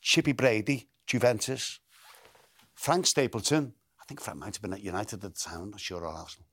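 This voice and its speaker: A man's voice: on the low side, a little fast, a bit bright, husky, no room sound. An older man, telling football stories in an interview, often repeating and restarting words. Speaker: interview guest, former footballer. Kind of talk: relaxed storytelling interview.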